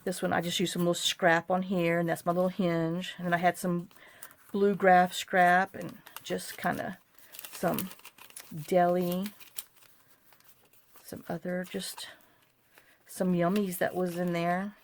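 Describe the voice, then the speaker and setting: Gravelly-voiced chatty woman. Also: on the low side, flat delivery, unhurried, long pauses. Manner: rambling, chatty and apologetic. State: overcaffeinated. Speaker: craft journaling vlogger. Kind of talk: casual crafting tutorial chat. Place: home craft desk.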